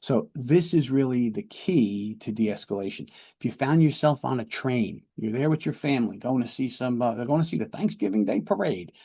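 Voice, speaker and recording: A man's voice: medium pitch, mellow, slightly rough. A man, a police lieutenant, gives a de-escalation training lecture, explaining step by step, repeating words and checking in with "right?".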